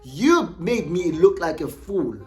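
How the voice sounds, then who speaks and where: A woman voicing her petty ex-boyfriend in a calm, cool, cutting tone. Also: fairly low pitch, slow pace, faint music behind. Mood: cold. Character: petty cool-headed young ex-boyfriend, man.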